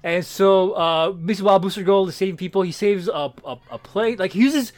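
A man's voice: sits high, fairly quick. A man recapping a comic book issue in a casual podcast chat, rambling with many fillers and restarts. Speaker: podcast co-host.

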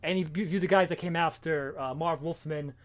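A man with a notably high voice talks quickly, piling one clause on the next. He recaps a comic story in a loose, rambling way, full of restarts and fillers. It is relaxed, casual chat among friends. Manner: rambling, animated retelling with many fillers and restarts. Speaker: comic book podcast co-host.

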